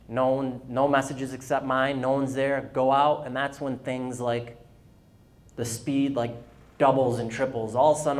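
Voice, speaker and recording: Man, candid personal story, speaking talk, quiet retold dialogue, middle pitch. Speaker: guest speaker.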